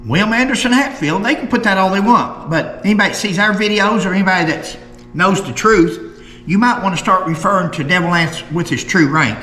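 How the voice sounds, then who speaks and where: A man hosting a casual history talk, folksy and opinionated, reading old newspaper accounts aloud and slowing down for emphasis. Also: sits high, pushed and bright, a little hiss or hum. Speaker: history show host. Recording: echoey room with long reverb.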